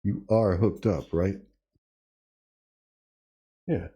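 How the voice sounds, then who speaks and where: A man hosting a tutorial, casually demonstrating gear and thinking aloud with pauses and self-corrections. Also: low-pitched, dark tone, breathy edge. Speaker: tutorial host. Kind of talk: casual demo while playing. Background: drum machine sounds he is playing.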